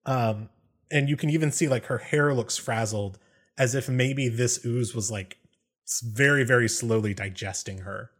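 A man's voice: medium pitch, normal speed. A man narrating as game master of a tabletop game, casual with many fillers. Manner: casual, many ums and likes.

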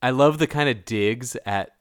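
Man telling animated stories, dry sound. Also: medium pitch, normal speed, smooth, no echo. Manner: animated storyteller, mimics voices in anecdotes. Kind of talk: casual podcast chat about a film.

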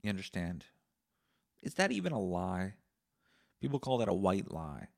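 Gravelly low-voiced man ranting. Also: very animated, normal speed. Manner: profane, sarcastic, rambling. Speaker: podcast host. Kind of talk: casual solo podcast rant.

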